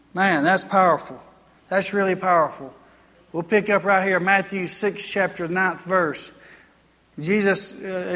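High-voiced man preaching in a reverberant room. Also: fairly bright tone. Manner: earnest, folksy preaching with repetition. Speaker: pastor. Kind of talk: sermon.

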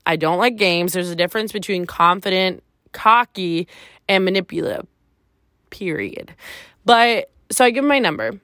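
A woman with a fairly low, expressive, slightly bright voice speaks at normal speed in studio-quality sound with no room echo. Hosting her own podcast, she tells a personal story in a candid, chatty monologue, saying "like" constantly and swearing freely.

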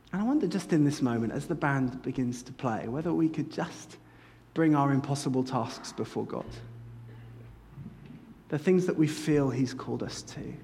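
A man's voice: medium pitch, darkish tone, slight background noise. A man preaching a sermon as a church pastor, earnest and rising to fervent appeals. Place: church sanctuary. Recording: long hall reverb.

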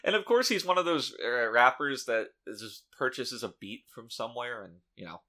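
A man's voice: medium pitch, animated, normal speed, sharp tone. A man co-hosting a podcast in casual chat, talking with dry, sarcastic humor. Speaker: podcast co-host.

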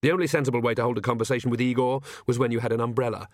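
A man narrating a comic fantasy audiobook at a brisk, even storytelling pace. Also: mid-range voice, no room sound, studio quality. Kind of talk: scripted narration.

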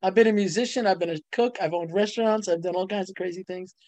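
Middle-aged woman, bubbly storyteller, dry close sound, animated guest. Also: mid-range voice, quick pace, no echo. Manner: bubbly storyteller, laughs often, voice jumps up on punchlines. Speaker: guest, ghostwriter and publisher. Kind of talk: animated casual interview talk.

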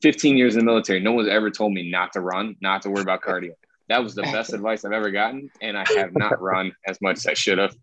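A man in his thirties, an Air Force veteran and rowing team member, chats casually on a podcast in a fairly low voice at a quick pace. He tells stories with animation, acting out his friends' lines, and the recording is dry and lo-fi.

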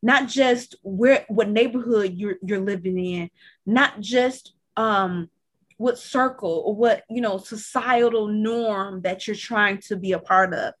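Husky-voiced woman talking faith. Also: mid-range voice, slow pace. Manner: reflective, quotes scripture, laughs often. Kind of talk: faith-based casual chat.

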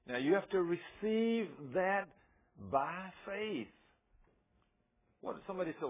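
Folksy male preacher, husky and plain-spoken, tinny radio sermon. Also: high-pitched, expressive, slow pace. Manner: folksy, conversational, emphatic. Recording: tinny phone-like radio broadcast.

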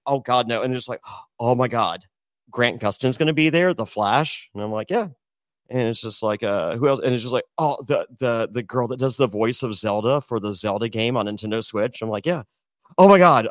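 Middle-aged male guest, casual storyteller, rambles with restarts, mid-pitched, dry close sound. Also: fairly bright tone, clear, resonant tone, dry recording. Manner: rambling, many restarts, acts out quoted voices. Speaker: podcast guest.

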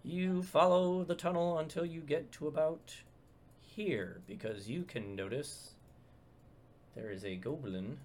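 A man running a tabletop game as game master, talking in a halting way with many fillers and restarts. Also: fairly high pitch, a little hiss or hum. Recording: loud background guitar music.

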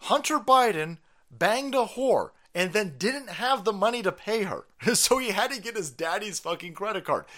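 A high-pitched man rants on a live stream, his voice swooping up and down as he mocks and swears. He talks in a crude, scoffing way and keeps breaking into laughter. It sounds like a close home streaming mic. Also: fairly bright tone. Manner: crude, mocking, laughs often. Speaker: podcast host. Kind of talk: profane comedic political rant.

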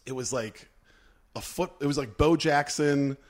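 A man's voice: mid-range voice, a little slow. Chatty man rambling in a podcast. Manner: animated, rambling storyteller with many "like"s. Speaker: podcast co-host. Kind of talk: casual chat.

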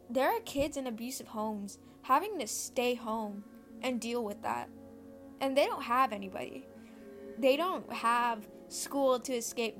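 A woman's voice: on the high side, a bit bright. A teenage girl hosting a casual home podcast, rambling, swearing freely and easily losing her train of thought. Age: teens. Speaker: podcast host.

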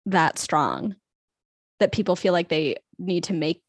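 A woman's voice: lowish voice, animated, measured pace, slightly rough, dry recording, studio quality. A woman in casual chat about a TV series who laughs easily and rambles.

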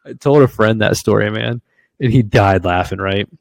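A man in his thirties co-hosting a podcast, telling a story in an animated way, swearing freely and laughing as he goes. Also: fairly low pitch, moderate pace, vocal fry, dry recording. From Washington state, US. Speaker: podcast co-host. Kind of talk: casual storytelling chat.

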